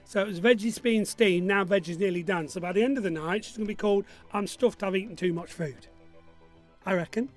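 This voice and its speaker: A man's voice: sits high, a little fast, faint music behind. A man from Burnley, hosting an online pub quiz in a chatty, joking way and reading out viewer messages. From Burnley, Lancashire, England. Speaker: quiz host. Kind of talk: live-streamed pub quiz chat.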